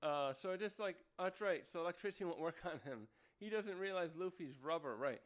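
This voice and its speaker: Male comic reviewer, casual and rambling, lightly high with a smooth, clear tone. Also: expressive, a little fast. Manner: rambling, with many fillers and restarts. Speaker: manga reviewer. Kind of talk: casual chat.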